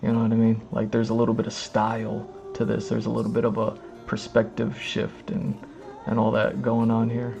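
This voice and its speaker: A man streaming live as he reads comics aloud, rambling and filling every pause with "like" and "you know what I mean". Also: on the low side, completely flat delivery, creaky, warm tone, soft background music. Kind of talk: casual live-stream commentary.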